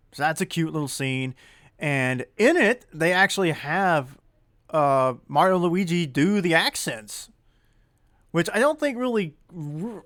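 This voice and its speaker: Man, casual movie review, rambling, lots of "uh" and restarts, fairly high voice, dry close sound. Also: fairly bright tone, dry recording. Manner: rambling, with many fillers and self-corrections; chuckles as he talks.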